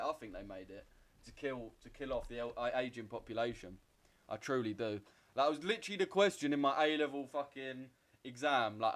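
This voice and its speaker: A man's voice: medium pitch, a bit bright. A man, chatting loosely and profanely with viewers during a livestream trading session. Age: 20s. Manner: loose, profane banter, answering viewers' chat. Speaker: trading streamer. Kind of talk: casual livestream chat while trading.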